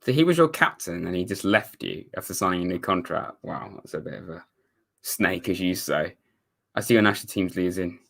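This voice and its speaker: Deep and a little fast, with vocal fry and a fairly bright tone, this young English streamer rambles through a casual watchalong. He reads out viewer comments, corrects himself often, and drops wry, sarcastic remarks.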